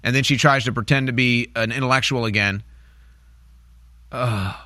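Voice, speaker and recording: A man's voice: mid-range voice, steady tone, normal speed, sharp tone, no echo, studio quality. A man hosting a talk radio show, commenting in an indignant, mocking way and repeating his points.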